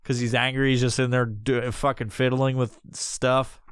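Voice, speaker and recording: A man's voice: mid-range voice, flat delivery, normal speed, smooth, no room sound, clean studio sound. A man hosting his own podcast alone, rambling off the cuff in a casual, heavily profane monologue. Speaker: podcast host.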